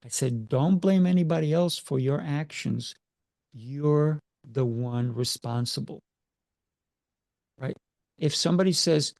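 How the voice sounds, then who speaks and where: Husky-toned, gravelly man coaching emphatically. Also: fairly high pitch, a little slow, a little mellow, no room sound, studio quality. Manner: emphatic, rhetorical questions. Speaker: martial arts instructor and coach. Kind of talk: casual interview chat.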